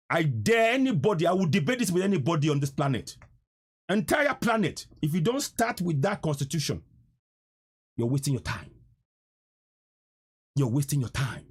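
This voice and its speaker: A man's voice: a little high, sing-song, moderate pace, long pauses, breathy edge. A man hosting a live stream, delivering a fiery, emphatic political rant and repeating lines for effect.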